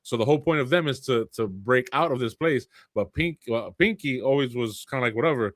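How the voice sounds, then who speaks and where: Animated man telling a story on a podcast. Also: medium pitch, brisk, no room sound, clean studio sound. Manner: animated storyteller, frequent restarts. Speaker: podcast co-host. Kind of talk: casual chat.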